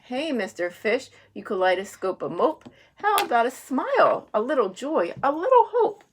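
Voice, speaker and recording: A woman's voice: high-pitched, sing-song, normal speed, a little hiss or hum. A woman reading as a squirmy, slightly rude squid lady. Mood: coaxing.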